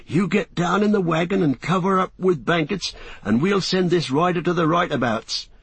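A man's voice: high-pitched, normal speed, husky, no room sound, pitched above the performer's own voice, heavily acted. A man voicing an earnest, loyal young male hobbit servant in an audiobook. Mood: anxious. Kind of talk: audiobook character voice.

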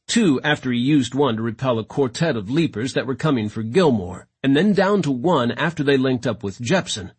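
A man narrating a science fiction audiobook in a dramatic, expressive reading style. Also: medium pitch, moderate pace, husky.

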